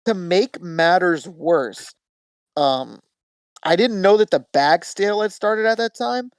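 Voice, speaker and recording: A podcast host with a high, smooth voice tells a story slowly in casual chat, with no echo. He swears freely and animatedly acts out the quotes.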